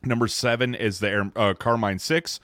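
A man hosting a casual sneaker podcast, swearing freely, restarting sentences and breaking into loud mock outrage. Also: lowish voice, moderate pace, no room sound, clean studio sound. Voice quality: profane, restarts often. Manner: excitable, loud outbursts when mock-outraged. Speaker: podcast host.

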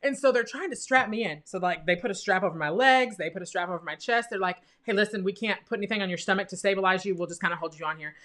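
A woman's voice: mid-range voice, fast, hardly any pauses. A young woman telling a personal story with laughs, acting out the voices of the people in it. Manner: animated, laughs through the telling; acts out quoted voices in her story.

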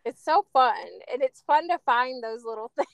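Bubbly, high-voiced woman author. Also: moderate pace, no room sound, rough recording. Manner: bubbly, laughs often, many fillers. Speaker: author guest. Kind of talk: casual interview chat.

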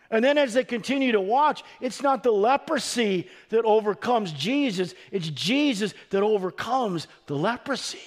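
A man giving a sermon as pastor, earnest and emphatic, his delivery swelling and then dropping low, with the odd stumbling restart.

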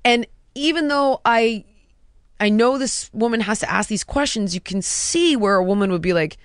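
In casual conversation, a woman in her thirties shares a personal story, animated and emphatic, firing off rhetorical questions and hushing her voice for quoted words. Her mid-range voice is smooth and unhurried, recorded with clean studio sound and no room echo.

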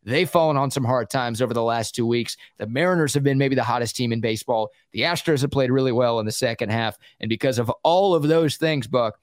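A male sports talk radio host with a mid-range pitch and a dry, close studio sound. He talks with energy and enthusiasm, rattling off stats in casual analysis. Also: dry recording. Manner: energetic, quick with stats, enthusiastic about the standings.

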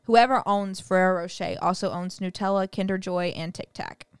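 A woman's voice: on the low side, smooth, no echo, studio quality. A woman co-hosting a podcast, chatting casually and laughing often. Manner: amused, quick to laugh. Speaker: podcast co-host. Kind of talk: casual chat.

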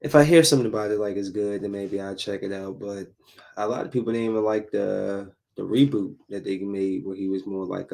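A man's voice: sits low, gravelly, darkish tone. A man in a casual vlog, bluntly reviewing a show, rambling and repeating himself for emphasis. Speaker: vlogger reviewing shows. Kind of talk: casual chat.

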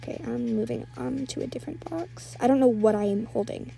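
A woman's voice: a little high, animated, fairly quick, creaky, dark tone. A woman giving live, rambling commentary while playing an online game, nervously narrating every move aloud.

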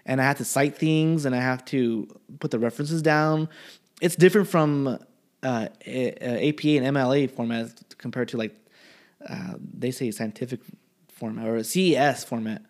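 A man's voice: medium pitch, normal speed. A young man, a college student, in a rambling, profane casual chat. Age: young adult.

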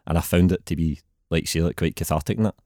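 Deep-voiced Glaswegian man. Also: fairly even intonation, fast talker, darkish tone, no echo, studio quality. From Scotland. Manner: laid-back, laughs easily. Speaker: guest writer. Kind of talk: casual podcast chat.

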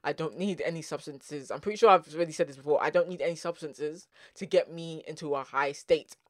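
A young adult with a South London accent chats straight to the camera, animated and rambling, breaking into laughter often. The voice sits in a middle pitch. The sound is close and dry, with no room echo. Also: fairly quick. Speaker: vlogger. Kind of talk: casual vlog monologue.

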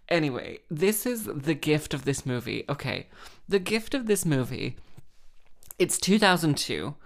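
A woman hosting a podcast, rambling and gushing in a casual monologue full of fillers and sarcastic self-mockery. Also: deep voice.

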